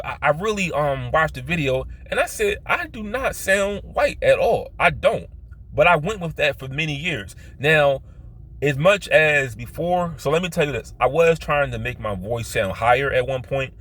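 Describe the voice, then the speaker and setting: A man with a Philadelphia accent talking casually about himself, halting, with many restarts and fillers. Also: medium pitch, a bit bright. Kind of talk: casual personal monologue.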